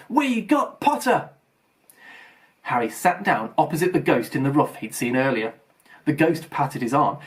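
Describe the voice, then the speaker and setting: A man reading a novel aloud as an expressive storyteller. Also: a little high. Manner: expressive storytelling, voices for characters. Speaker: audiobook reader.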